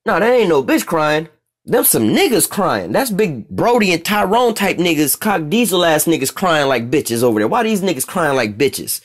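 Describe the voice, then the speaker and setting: A man's voice: on the high side, very animated, normal speed, pitched above the performer's own voice. A man putting on a mocking street-talking God. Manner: mocking, slangy and profane.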